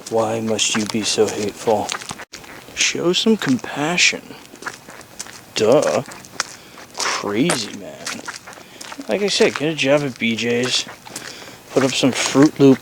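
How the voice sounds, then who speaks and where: A man's voice: medium pitch, lively intonation, slow pace, pauses often, background noise. A man in his thirties talking in a sarcastic, profane, ranting way in a casual vlog.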